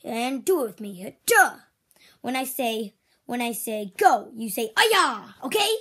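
A woman voicing a strict female toy karate teacher in make-believe play, switching between loud drill shouts and whispers. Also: on the high side, sing-song, a little slow, breathy edge, full character voice. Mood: bossy.

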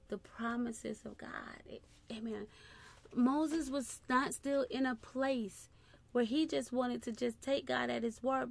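A woman preaching a sermon, constantly breaking in with short praise phrases and dropping to soft murmurs between points. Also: high voice, vocal fry, no echo.

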